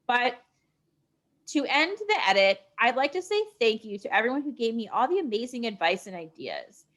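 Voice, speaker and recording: A woman co-hosting a podcast, reading a story aloud in an even, steady way. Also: a little high, normal speed. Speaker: podcast co-host.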